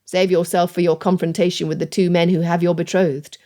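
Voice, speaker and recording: A woman's voice: on the low side, flat delivery, a little fast, warm tone, lightly acted. Woman voicing a curt smuggler captain. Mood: stern. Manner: curt, commanding. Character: gruff male smuggler ship captain.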